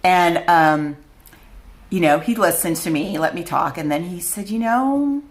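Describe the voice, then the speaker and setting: A woman's voice: low voice, fairly even intonation, measured pace. A middle-aged woman vlogger telling a personal story to camera, chatty and candid, often laughing at herself.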